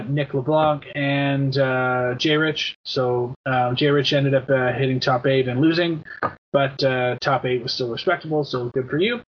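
A man in his thirties hosting a podcast in casual chat, rambling through shout-outs with many fillers and the odd swear word. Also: mid-range voice. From Canada. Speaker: podcast host. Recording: dull lo-fi podcast audio.

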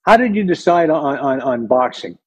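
A man's voice: on the high side, lively intonation, moderate pace, husky, poor audio. A man interviewing a guest, asking leading questions with some hesitation.

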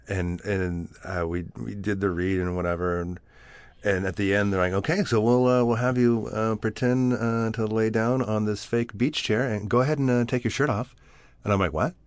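A man who works as an actor, a guest on a podcast in a small studio room, chatting casually and telling relaxed anecdotes with easy laughter. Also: fairly low pitch, normal speed, no room sound. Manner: relaxed anecdotes, laughs easily, acts out quotes. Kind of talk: casual chat.

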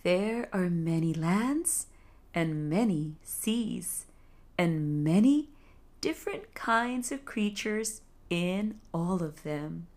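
A woman voicing a wise, well-traveled old male sea turtle in a husky voice, speaking slowly and gently in a bedtime story. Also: on the low side. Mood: wistful. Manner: slow, gentle and calm.

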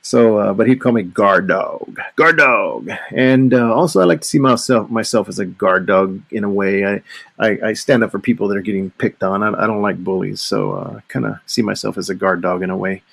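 A man with a low, gravelly voice hosts a casual solo podcast. He rambles along, circling back and restarting his sentences as he talks. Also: fairly even intonation, fairly quick. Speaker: podcast host.

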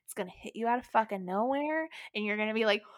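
A woman co-hosting a podcast in casual chat, animated and giggly, swearing freely and filling her talk with "like". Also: a little high, quick pace, no room sound, studio quality. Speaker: podcast co-host.

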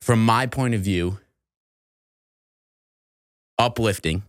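A man's voice: on the low side, takes it slowly, dry recording, studio quality. Laid-back man rambling as a guest. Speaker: podcast guest. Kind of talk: casual chat.

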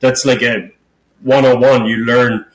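A man's voice: medium pitch, fairly even intonation, measured pace. A man who hosts a podcast and does stand-up comedy, telling a story in a worked-up, rambling way and swearing a lot. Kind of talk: casual podcast chat. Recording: roomy echo.

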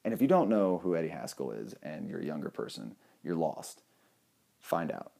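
A young man telling a funny personal story in a casual, animated way, cracking jokes and swearing now and then. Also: very deep voice, normal speed, gravelly.

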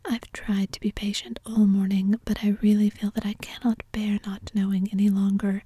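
A woman voicing an eager, imaginative orphan girl in a breathy whispered role-play, gushing and imploring. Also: medium pitch, level tone, moderate pace, dark tone, dry recording.

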